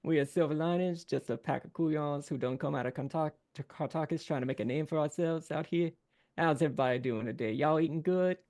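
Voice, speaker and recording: A man's voice: a little high, fairly quick, darkish tone, pitched above the performer's own voice, natural voice. A man voicing a jovial male werewolf band frontman with a Southern drawl and folksy, teasing stage banter.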